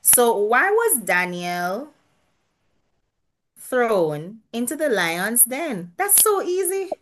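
A woman's voice: a little high, big pitch swings, drawn-out words, slight background noise. A woman hosting a casual quiz over a video call, chatty, laughing often and restarting her sentences. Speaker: quiz host at an online church gathering.

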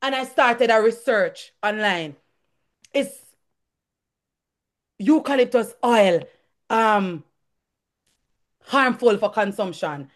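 A woman's voice: a little high, animated, takes it slowly, long pauses. Fervent young woman preaching testimony. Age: young adult. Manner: fervent, rising to shouts. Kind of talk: testimony sermon.

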